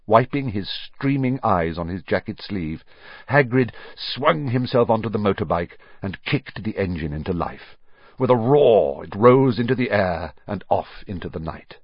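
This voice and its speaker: A man narrates a storybook in an expressive, measured way. His low voice is husky and moves widely in pitch. The recording is dry and slightly dull. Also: dry recording. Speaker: audiobook narrator.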